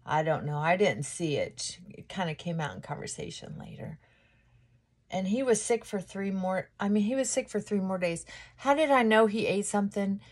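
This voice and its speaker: A woman's voice: medium pitch, lively intonation, moderate pace. A woman vlogger in a casual get-ready-with-me chat at home, rambling and cutting herself off, with frequent laughs and sighs as she does her makeup. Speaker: lifestyle vlogger.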